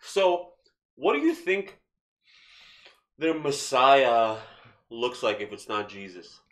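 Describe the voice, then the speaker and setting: A man hosting a casual podcast, animated, swearing freely and firing off rhetorical questions. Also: medium pitch, takes it slowly. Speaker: podcast host.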